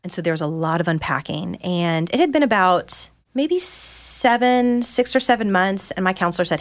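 A woman's voice: on the low side, lively intonation, normal speed, hardly any pauses. A woman in her thirties, a podcast guest, telling her personal story openly and earnestly and acting out the people she quotes. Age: 30s. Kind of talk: candid personal storytelling in conversation.

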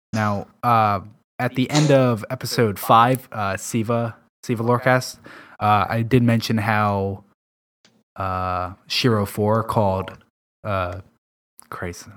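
A man hosting a casual podcast, reading aloud and chatting in a relaxed, halting way. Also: on the low side. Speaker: podcast host.

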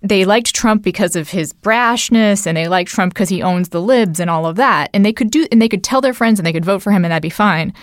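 A woman hosting a podcast, chatting about politics in an animated way with frequent asides. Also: medium pitch, a little fast, hardly any pauses, no echo, clean studio sound. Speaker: podcast host. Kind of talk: casual political conversation.

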